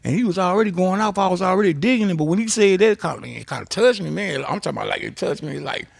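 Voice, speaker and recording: A man from Texas, an interview guest, telling long stories in an animated way, repeating words and swearing freely. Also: high voice, fast, creaky, husky, no room sound, clean studio sound. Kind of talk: animated storytelling.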